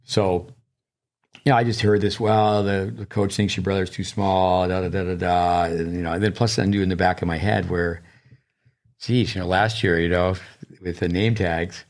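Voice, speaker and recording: A man's voice: sits low, fairly even intonation, normal speed. An older man, a tennis coach and podcast co-host, telling long digressive stories in casual chat, with many restarts.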